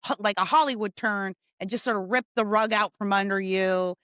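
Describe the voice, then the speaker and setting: A woman co-hosts a relaxed podcast chat, her voice in the middle of the usual range. She tells stories with gusto and climbs higher and louder when the tale gets exciting. The recording is close and dry, with no room sound. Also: fairly quick, smooth, no echo. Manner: lively storytelling, rising loud when excited. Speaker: podcast co-host. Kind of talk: casual chat.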